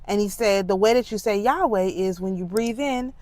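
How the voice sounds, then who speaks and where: A woman talking casually and emphatically in an indignant, animated monologue, with a congested voice. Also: mid-range voice, normal speed, dry recording. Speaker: spiritual commentator.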